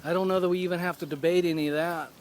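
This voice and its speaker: Earnest higher-voiced man in his forties. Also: steady tone, very noisy. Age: 40s. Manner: earnest, thoughtful, with pauses and restarts. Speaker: vlogger. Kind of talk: reflective personal vlog monologue.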